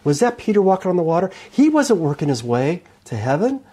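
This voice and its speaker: A male preacher delivering a sermon with rhetorical questions and emphatic, expressive delivery. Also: high voice, a little fast.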